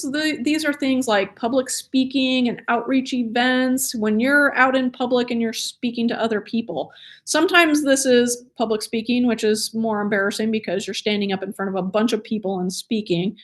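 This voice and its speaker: A woman instructor giving a recorded training lecture, chatty and enthusiastic, with fillers and small laughs. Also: fairly high pitch. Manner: energetic and enthusiastic.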